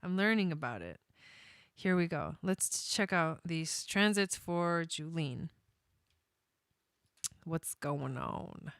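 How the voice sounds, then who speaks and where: A young woman talks casually on a live stream in a smooth, somewhat low voice. She's bubbly and chatty, laughing often and wandering off on tangents. The sound is dry and close, with no room around it. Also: big pitch swings, takes it slowly, long pauses, no room sound. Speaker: astrologer doing live readings.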